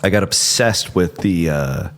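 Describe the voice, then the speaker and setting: Low-voiced rambling man hosting a podcast. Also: measured pace. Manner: rambling, filler-heavy, self-interrupting. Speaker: podcast host. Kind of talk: casual chat and storytelling.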